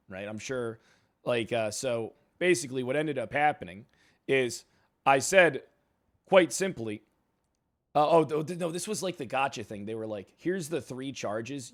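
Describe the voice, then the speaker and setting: A man streaming in character as a suspended police chief, giving a heated, profane, rambling recap of a meeting. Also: mid-range voice. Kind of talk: in-character roleplay storytelling.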